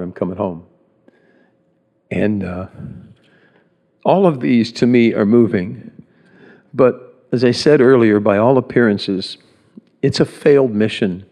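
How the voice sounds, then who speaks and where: A male pastor praying and preaching a conversational sermon before communion, earnest, with pauses and restarts. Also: on the low side, darkish tone. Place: large church hall. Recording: echoey hall reverb.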